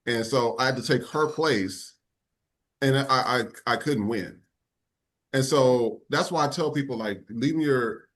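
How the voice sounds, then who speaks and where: A man hosting a podcast, telling a personal story in a casual way and repeating words for emphasis. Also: mid-range voice. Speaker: podcast host.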